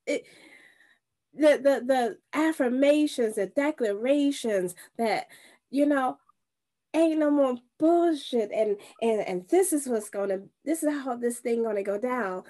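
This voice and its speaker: A woman's voice: a little high, measured pace, dark tone. A woman hosting an interview, reacting in a heartfelt, effusive way with frequent restarts. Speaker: host. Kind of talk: casual interview chat.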